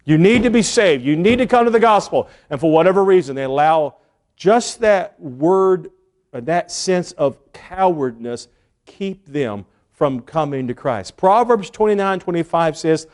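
A man with a fairly high voice delivers a sermon. He speaks earnestly, pausing and repeating words, and acts out the quotes he cites. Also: lively intonation, a little mellow. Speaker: preacher.

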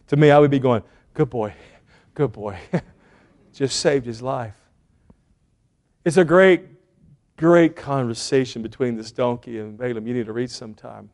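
A man preaching a sermon as a pastor, retelling a story in an animated way and acting out the quotes. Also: mid-range voice, moderate pace, pauses often.

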